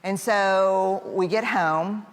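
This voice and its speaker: Speaking extremely slowly in a medium-pitched voice, a woman shares a personal family story in a relaxed, chatty manner, full of fillers and bits of laughter. She acts out her relatives' voices in quotes, recorded in an echoey hall with faint background noise.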